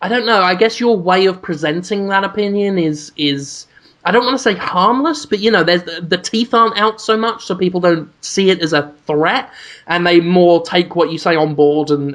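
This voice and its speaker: A man's voice: high voice, moderate pace, fairly bright tone. A man co-hosting a podcast in casual chat, full of crude, joking banter and frequent restarts. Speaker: podcast co-host.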